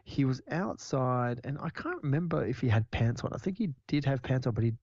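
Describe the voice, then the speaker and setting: A man's voice: medium pitch, animated, brisk, a little mellow, no echo, highs cut off. A man co-hosting a podcast, chatting casually as he recounts a film's plot and muses aloud. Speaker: podcast co-host. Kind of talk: casual film discussion.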